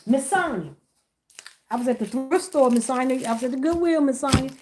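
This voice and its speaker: A woman's voice: sits high, brisk, darkish tone. A woman hosting a casual livestream, chatting with viewers by name and laughing often as she wraps gifts. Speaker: livestream host wrapping gift baskets.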